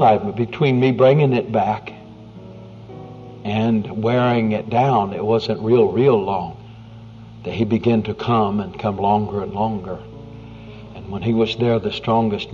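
A man preaching a sermon in an earnest, conversational way, often dropping to a hushed near-whisper. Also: on the low side. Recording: dull lo-fi recording with faint music.

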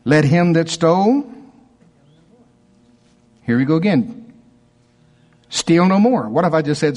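A man preaching a sermon as a pastor, acting out objections from his listeners in a higher voice. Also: measured pace, long pauses. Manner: animated preaching, voicing objections in a higher pitch.

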